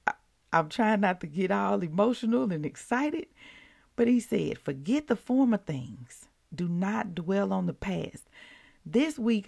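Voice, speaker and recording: A woman hosting a devotional podcast, preaching emphatically and breaking into excited outbursts. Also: lowish voice, gravelly. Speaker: podcast host.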